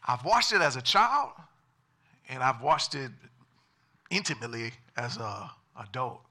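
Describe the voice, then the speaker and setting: A man's voice: medium pitch, sharp tone. A male pastor preaching a sermon emphatically and calling on the congregation to respond.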